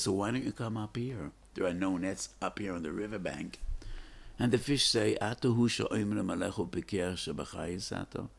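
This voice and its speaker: An older man, a rabbi, giving a fervent Torah talk full of stories, with sudden emphatic rises and dramatic pauses. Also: low voice, gravelly.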